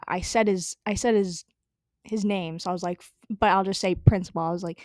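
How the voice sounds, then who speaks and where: A woman's voice: lowish voice, fairly even intonation, brisk, a little mellow, no echo, studio quality. A young woman telling a story in a casual, rambling way, full of fillers, restarts and swearing. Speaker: storytelling vlogger.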